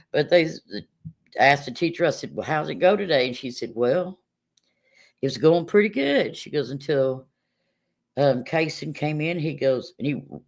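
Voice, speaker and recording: A woman, chatting casually on a livestream, rambling and laughing often. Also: deep voice. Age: 50s. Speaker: livestream host.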